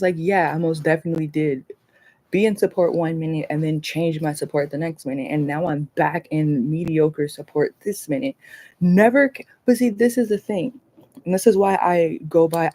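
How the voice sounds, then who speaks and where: A woman hosting a casual livestream chat, rambling and animated, swearing freely and laughing often. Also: deep voice. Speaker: livestream host.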